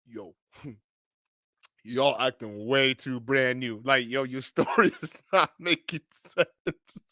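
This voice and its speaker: A man hosting a reaction video, laughing loudly, shouting in disbelief and talking blunt street slang straight to his viewers. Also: medium pitch, takes it slowly, pauses often, dry recording. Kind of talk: reaction commentary.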